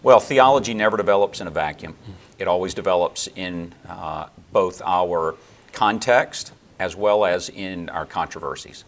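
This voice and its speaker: Very deep-voiced man explaining theology. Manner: measured, lecturing, with fillers and restarts. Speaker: theologian guest. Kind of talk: explanatory interview answers.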